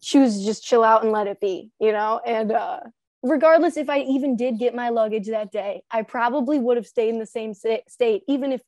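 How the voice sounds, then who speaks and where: A woman's voice: fairly high pitch, fairly quick, darkish tone, no echo. A young woman in casual podcast chat, telling a laughing, easygoing story.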